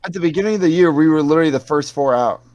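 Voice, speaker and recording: High-voiced hyped sports podcast man. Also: rapid-fire, a little mellow, lo-fi sound. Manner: profane, hyped countdown delivery. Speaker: podcast co-host. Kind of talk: casual sports chat.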